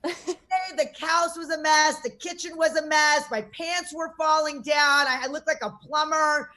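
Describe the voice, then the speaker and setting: A woman's voice: high-pitched, flat delivery, normal speed, pushed and bright. A woman in her forties doing brash, self-mocking, profane stand-up comedy from her garage over a video call. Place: home garage.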